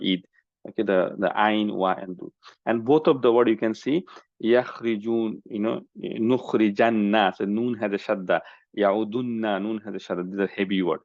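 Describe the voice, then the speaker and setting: Gravelly male teacher, patient, keeps checking understanding; dull dry lo-fi mic. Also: on the low side, a little mellow, dry recording. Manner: explains patiently, many "okay?" checks. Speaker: Quranic Arabic teacher. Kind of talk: online class lecture.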